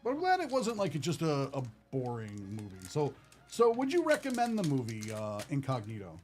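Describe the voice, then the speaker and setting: Chatty man rambling with lively pitch. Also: moderate pace, soft background music. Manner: chatty and rambling, many fillers. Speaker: card-opening stream host. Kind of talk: casual chat while opening cards.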